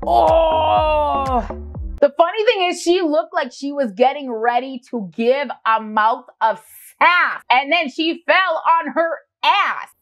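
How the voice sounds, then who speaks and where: Give me a high-voiced woman host reacting to funny clips, with music behind. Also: a little slow. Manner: animated, exclaiming, laughing. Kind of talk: reaction commentary.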